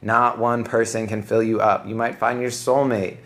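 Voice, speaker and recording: A man's voice: on the low side, flat delivery, normal speed, a bit bright. A man hosting a podcast in casual chat, rambling and reflective, often saying "like" and "right?". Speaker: podcast host.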